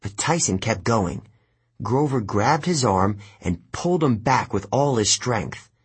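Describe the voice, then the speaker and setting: A man reads a novel aloud as an audiobook, telling the story expressively. His voice is strongly husky and breathy. His pitch moves a lot, lifting and dropping through each sentence. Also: expressive, unhurried. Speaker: audiobook narrator.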